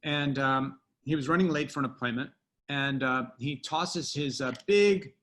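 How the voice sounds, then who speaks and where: A man who wrote a book, from the United States, answering at length in an interview with emphatic pauses and restarts. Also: medium pitch, fairly bright tone. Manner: emphatic, drawn-out, many restarts. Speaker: podcast guest, author.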